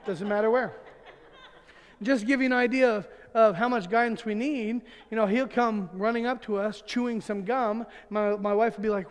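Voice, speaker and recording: In a church sanctuary, a middle-aged male pastor with a notably high voice delivers a sermon, his words ringing out with a long hall reverb. Steady in tone and brisk, he chuckles through his own family anecdotes and jokes, then turns to earnest appeals.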